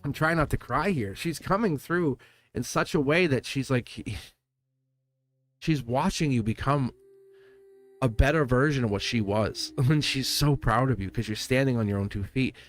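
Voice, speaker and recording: A man's voice: medium pitch, unhurried, soft background music. Earnest rambling male tarot reader. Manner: earnest, reassuring, rambling with restarts. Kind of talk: live tarot reading.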